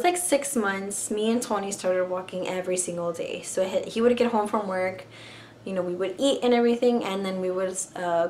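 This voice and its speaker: A woman's voice: medium pitch, a little mellow. A young woman vlogger casually telling a personal story to camera, chatty and full of fillers. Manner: chatty, many likes and ums, restarts.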